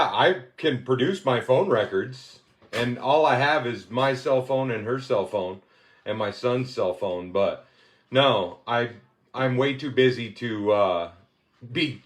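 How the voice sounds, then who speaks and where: A man's voice: medium pitch, expressive, slow pace. A man who drives trucks, with a northern US accent, talking in an easygoing, hesitant way. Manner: easygoing, hesitant, laughs a little.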